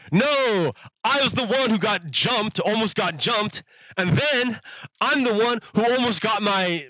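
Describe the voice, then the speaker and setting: Guy streaming and rambling through a story, high bright voice, keeps repeating himself, kinda dull dry mic. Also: dry recording. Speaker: livestreamer. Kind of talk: casual storytelling to stream viewers.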